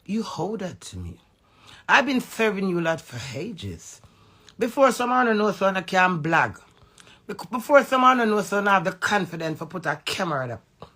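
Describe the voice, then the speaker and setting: A woman's voice: big pitch swings, normal speed. Furious Jamaican woman ranting on camera. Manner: angry, profane, swings between shouting and low muttering. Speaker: social media personality. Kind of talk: ranting social media live video.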